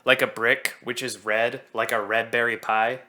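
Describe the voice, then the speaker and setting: A man's voice: medium pitch, level tone, normal speed, pushed and bright. A man giving casual commentary on a musical he wrote, chatty and self-deprecating, often laughing at his own jokes.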